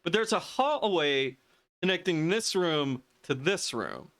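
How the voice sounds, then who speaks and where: A man's voice: on the high side, lively intonation, slow pace, a bit bright. A man giving rambling, self-amused commentary as he streams a video game, often laughing at himself. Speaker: gaming streamer. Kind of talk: casual gameplay commentary.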